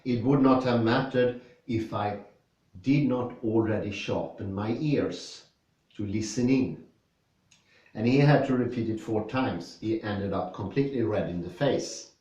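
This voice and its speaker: A Swedish-accented man talks through a philosophy text at a slow, unhurried pace, his voice low and mellow. He sits back from the microphone in a very echoey room, so every word rings around him. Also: far from the mic, muffled recording. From Sweden. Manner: slow, thoughtful, reads passages aloud then explains with personal stories. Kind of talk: reading and discussing philosophy.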